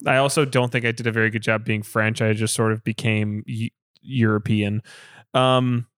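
A man's voice: fairly low pitch, little pitch movement, moderate pace, a bit bright, smooth, dry recording, clean studio sound. A man co-hosting a casual movie review chat, talking in a loose, rambling way with swearing and fillers. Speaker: podcast co-host.

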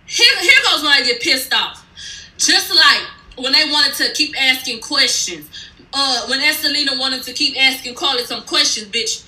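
A woman's voice: high-pitched, normal speed, bright, forceful tone, reverberant, low-quality recording. A woman recapping a reality show in a casual, blunt and heated way, swearing freely. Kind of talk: casual profane storytelling recap.

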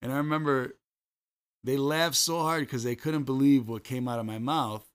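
A man's voice: medium pitch, normal speed, clean tone. A man with a Chicago accent co-hosting a podcast, telling rambling stories full of fillers and restarts. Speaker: podcast co-host. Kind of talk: casual chat.

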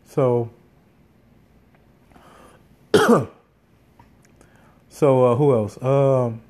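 A man's voice: medium pitch, fairly even intonation, extremely slow, a little mellow. A man telling a casual, rambling story, swearing often and full of fillers and restarts. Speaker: podcast host.

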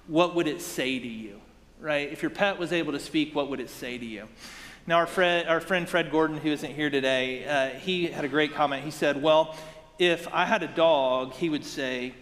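A man's voice: on the high side, fairly bright tone, long reverb tail, a little hiss or hum. A man giving a sermon as pastor, praying and then preaching in a conversational way, with many rhetorical questions and asides to the congregation.

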